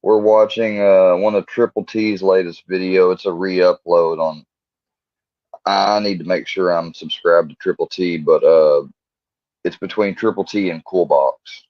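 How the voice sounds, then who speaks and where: A man's voice: low voice, fairly even intonation, a little slow, no echo, dull audio. A man hosting a casual livestream, rambling chattily and talking to viewers in the chat. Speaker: livestream host.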